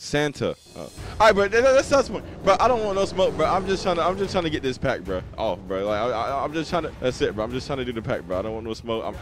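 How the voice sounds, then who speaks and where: A young man giving loose, slangy commentary while playing a game online, muttering to himself one moment and shouting at other players the next. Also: medium pitch, big pitch swings, fast, few pauses, noisy background. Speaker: gaming YouTuber. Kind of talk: live gameplay commentary.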